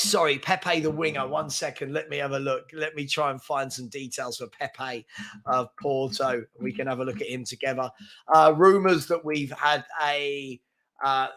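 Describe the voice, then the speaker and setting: A man's voice: a little high, bright, forceful tone. A man, hosting a casual live football chat stream, reading out viewer comments in a chatty, rambling and self-deprecating way, tired from an early start. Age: 40s. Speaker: football channel host.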